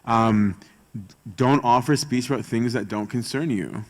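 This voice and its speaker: A male priest teaches church servants in a relaxed, conversational way, his voice sitting at an ordinary middle pitch. He keeps checking in with his listeners and slips into playful voices when he mimics gossip. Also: measured pace. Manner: casual, keeps asking "right?" and acts out gossip in quoted voices.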